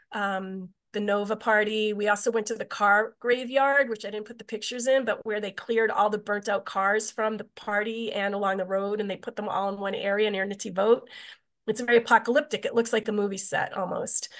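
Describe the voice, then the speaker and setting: A woman's voice: medium pitch, a bit bright. A woman from Israel, a tour guide, giving a meandering, chatty presentation over a video call. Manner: chatty, meandering, many filler words.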